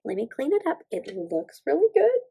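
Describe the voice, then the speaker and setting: A woman's voice: sits high, wildly swooping pitch, a little fast, gravelly, narrow, tinny audio. A woman, chatting casually through a nail stamping tutorial and gushing to her viewers as she works. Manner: bubbly, gushing, talks to viewers as "you guys". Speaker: beauty vlogger.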